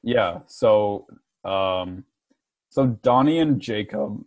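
Man, podcast co-host, rambling casual chat, unhurried, dry close mic. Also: lowish voice, expressive, a little mellow, dry recording. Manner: rambling, heavy on fillers like "like".

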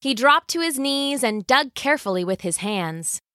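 A woman narrating a folk tale as a storyteller, slow and expressive. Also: sits high, no room sound, studio quality.

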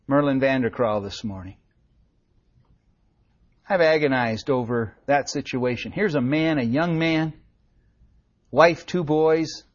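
A man preaching a sermon as pastor, earnest and impassioned, swinging from raised cries down to hushed, quiet lines. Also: on the high side. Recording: dull lo-fi sermon recording.

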